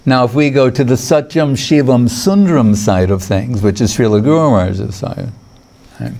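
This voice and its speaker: A man's voice: medium pitch, moderate pace, creaky, darkish tone. A man giving a lecture on scripture as a spiritual teacher, digressive, chuckling now and then and quoting Sanskrit verses.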